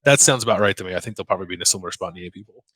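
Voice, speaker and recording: A man co-hosting a casual sports podcast, chatty and quick to laugh, with lots of fillers. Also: sits low, sharp tone, husky, dry recording. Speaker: podcast co-host.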